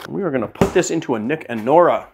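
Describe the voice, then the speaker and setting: A man's voice: on the high side, lively intonation, fast, faint music behind. A man hosting a casual cocktail how-to from his home bar studio, chatty and self-deprecating with rambling asides. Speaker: bartender host.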